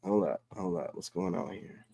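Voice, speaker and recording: A man's voice: deep voice, steady tone, moderate pace, vocal fry, mellow, husky. A man hosting a casual livestream, reacting to clips in loose, emphatic street talk. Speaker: livestream host.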